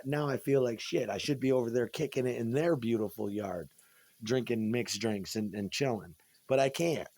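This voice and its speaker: A man's voice: medium pitch, darkish tone. A man in a rambling, profane monologue from home, agitated and tripping over his words. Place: at home, indoors.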